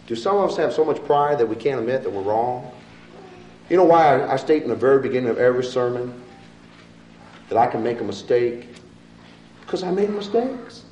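A man preaching a sermon in a church, swinging between loud, pleading appeals and quiet, soft asides. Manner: rises to loud impassioned appeals, then drops low and soft. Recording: echoey room from far off.

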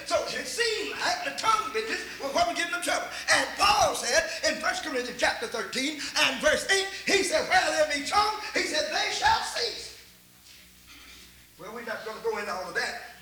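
High-voiced older Texan preacher. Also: male voice, reverberant, slight background noise, rough recording. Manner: folksy storytelling, repeats words, builds to shouts. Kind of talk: folksy sermon.

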